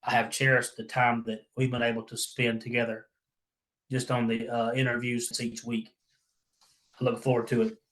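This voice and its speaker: A man's voice: medium pitch, completely flat delivery, moderate pace, a bit bright, low-quality recording. A man who survived a stroke, reading his own story aloud in an earnest, grateful way. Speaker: stroke survivor, podcast guest.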